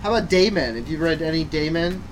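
A man's voice: a little high, expressive, fast talker, a loud crowd. A man co-hosting a comic book chat, rambling with many fillers and restarts. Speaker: comic book podcast co-host. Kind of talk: casual chat.

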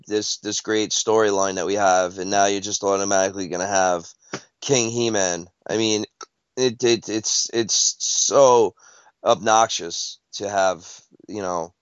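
A man chats on a podcast in a low, smooth voice, stopping and starting with lots of fillers and repeats. The sound is dry and dull, with a lo-fi edge. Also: no room sound. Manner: halting, many fillers and repeats. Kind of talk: casual chat.

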